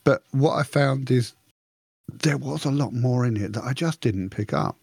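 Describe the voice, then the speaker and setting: Husky man chatting on a podcast. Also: mid-range voice, normal speed, no room sound. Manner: rambling, animated, frequent restarts. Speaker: podcast co-host. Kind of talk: casual chat.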